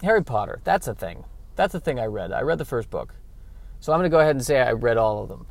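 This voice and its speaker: A man's voice: mid-range voice, lively intonation, fast talker, gravelly. A man hosting a casual comedic solo podcast, rambling in a self-deprecating way and often restarting his sentences. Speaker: podcast host.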